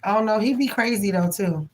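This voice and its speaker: A woman's voice: medium pitch, darkish tone, a little hiss or hum, low-quality recording. A woman hosting a live tarot reading stream, chatting casually and affectionately with viewers in slang. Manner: rhythmic chanted prayer.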